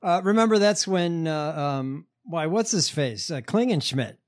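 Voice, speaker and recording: A man co-hosting a podcast, telling stories in a relaxed, sarcastic way with lots of fillers. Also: on the high side, unhurried. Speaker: podcast co-host. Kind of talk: casual chat.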